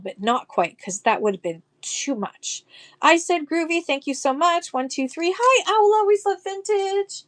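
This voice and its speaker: A woman selling vintage postcards on a live stream, gushing over each card and reading verses aloud in a chatty way. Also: on the high side. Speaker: live online auction seller.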